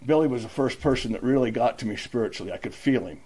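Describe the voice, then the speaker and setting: A man's voice: mid-range voice, expressive, fast, a little mellow, slightly rough. An older man stands before a meeting and tells his recovery story in a folksy, plainspoken way. His talk is heartfelt and unpolished, full of everyday words. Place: meeting room.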